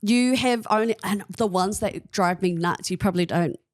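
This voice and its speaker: A woman's voice: medium pitch, normal speed, no echo, studio quality. A young woman, a podcast guest chatting casually and telling gossipy stories. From New Zealand.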